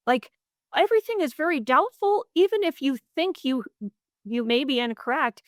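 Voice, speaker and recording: Lively woman coaching with dry close sound. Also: moderate pace, no room sound. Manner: energetic, acts out example phrases with swooping pitch. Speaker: podcast co-host. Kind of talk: conversational coaching talk.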